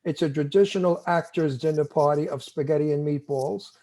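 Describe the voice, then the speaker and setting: An older man with a Brooklyn New York accent, telling lively stories in an interview and acting out his own quoted lines. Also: fairly high pitch, a little fast. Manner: animated storyteller, acts out quotes. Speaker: TV show host, interviewee. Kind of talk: casual storytelling interview.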